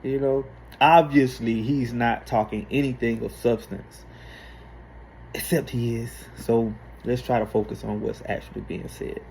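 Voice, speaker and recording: Emphatic man with a mellow voice. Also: mid-range voice, steady tone, a little hiss or hum, rough recording. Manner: emphatic, preachy, slow and deliberate. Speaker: apologist rebutting commentary. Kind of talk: reaction rebuttal.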